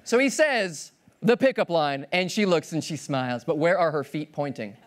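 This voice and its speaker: A man's voice: a little high, expressive, normal speed. A man giving a playful keynote talk on stage, acting out little scenes and voices. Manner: playful, acts out voices of others. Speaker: keynote speaker. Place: large conference hall stage.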